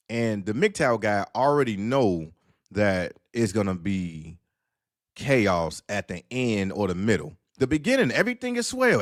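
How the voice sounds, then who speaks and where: A man's voice: mid-range voice, no echo, clean studio sound. A man talking on a streamed panel discussion, telling stories bluntly and preaching with profanity. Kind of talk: casual streamed panel talk.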